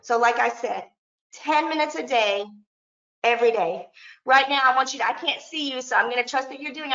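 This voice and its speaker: A woman with a high, slightly bright voice speaks a little fast as she presents a teacher training lesson, upbeat as she models classroom prompts. The audio is dull and lo-fi, recorded in an echoey room.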